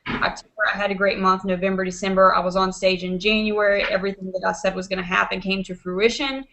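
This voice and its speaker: A woman hosting a video call from her home desk, telling an excited story full of "you know" and acted-out quotes. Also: medium pitch, quick pace, slight background noise, low-quality recording. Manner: animated, acts out quotes, many fillers like "you know". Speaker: host of an online video hangout.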